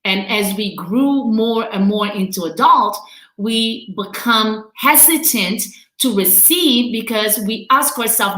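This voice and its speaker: Speaking at a slow pace in a fairly high, slightly bright voice, a woman with a non-native accent hosts a live coaching stream from home in quarantine. She is open and emotional and laughs often, recorded in low quality with a roomy sound.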